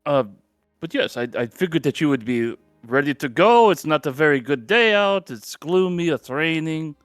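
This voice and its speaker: A man's voice: fairly high pitch, lively intonation, normal speed, no echo, soft background music, lightly acted. A man voicing a proud male strongman sailor in a tabletop game, speaking formally with a put-on foreign accent. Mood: earnest.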